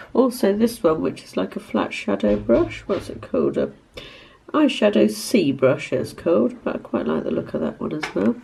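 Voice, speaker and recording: A woman in her fifties, hoarse and congested with a cold, chatting casually to camera as a lifestyle vlogger in her bedroom. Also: medium pitch, a little mellow, a little hiss or hum. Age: 50s. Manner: chatty, self-deprecating, rambling. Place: bedroom at home.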